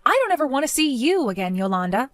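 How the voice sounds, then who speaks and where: A woman voicing a defiant, mocking young daughter-in-law in an animated story, speaking in a sarcastic way. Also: high voice, fast talker, no echo. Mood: cold. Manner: sarcastic, mocking, laughs often.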